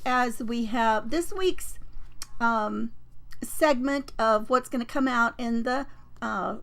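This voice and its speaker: A woman hosting a papercraft live stream, chatting casually and rambling with many fillers and restarts, her voice a bit croaky. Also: a little high, fairly bright tone. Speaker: host of a papercraft livestream.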